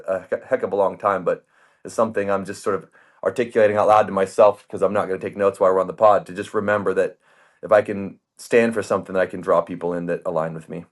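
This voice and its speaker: A man hosting a podcast in casual chat, telling stories in an animated way and acting out the voices of the people he quotes. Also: lowish voice, fast. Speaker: podcast host. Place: podcast studio.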